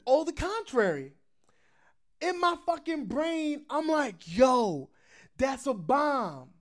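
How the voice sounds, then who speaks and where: A man hosting a podcast, telling a story in casual chat, animated and swearing, laughing often. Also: extremely high pitch, slow. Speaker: podcast host.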